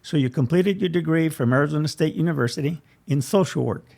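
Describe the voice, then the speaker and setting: Gravelly man hosting an interview. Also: a little high, fast, darkish tone. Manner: brief encouraging prompts. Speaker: interview host. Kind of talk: fundraiser interview.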